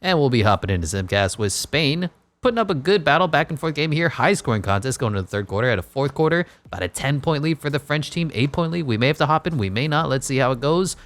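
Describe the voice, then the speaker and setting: A man's voice: a little high, animated, quick pace, fairly bright tone. A man giving casual play-by-play commentary over a basketball video game, with wry joking asides. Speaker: gaming YouTuber.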